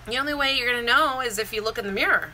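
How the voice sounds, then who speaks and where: A woman with a very bright, sharp-edged voice chats openly on a live stream, rambling and heartfelt, circling back with fillers and restarts. Soft room ambience and a faint hiss sit behind her. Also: fairly high pitch, racing, rough recording. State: near tears. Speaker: vlogger and Zumba instructor. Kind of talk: casual live-stream chat.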